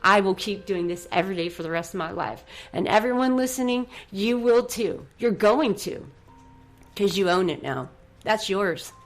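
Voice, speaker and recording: Upbeat woman radio host doing motivational talk, gushy and excited, medium pitch, bit of music low in back. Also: normal speed. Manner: effusive, upbeat, swings from soft to excited.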